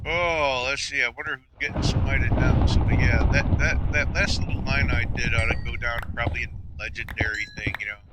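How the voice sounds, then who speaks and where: A man's voice: medium pitch, steady tone, moderate pace, few pauses, heavy background noise. A man giving casual gameplay commentary, rambling and joking at himself. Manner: rambling, joking, self-deprecating. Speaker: gameplay streamer.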